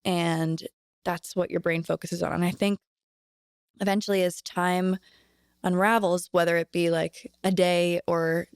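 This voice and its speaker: A woman in her twenties, a singer and actress, chatting as a podcast guest in a chatty, animated way with lots of filler words and casual swearing. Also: fairly low pitch, unhurried, clean tone, no echo, clean studio sound. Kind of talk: casual chat. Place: indoor podcast set.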